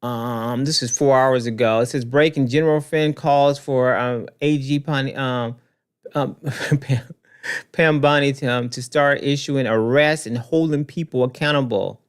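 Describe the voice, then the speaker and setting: A man's voice: medium pitch, measured pace, clear, resonant tone. A man hosting a casual commentary show, reacting to news clips and talking straight to his viewers, often repeating himself. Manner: animated, repeats himself, talks to viewers directly.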